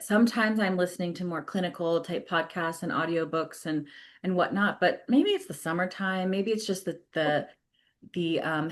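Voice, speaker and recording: Lower-pitched woman, easygoing and thoughtful. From California. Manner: thoughtful, laughs easily, many fillers. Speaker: therapist guest. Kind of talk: casual podcast conversation.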